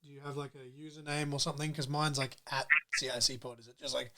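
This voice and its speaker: A man's voice: medium pitch, steady tone, fast talker, noisy background. A man hosting a podcast interview in a chatty, jokey manner, laughing often. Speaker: podcast host. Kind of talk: casual interview chat.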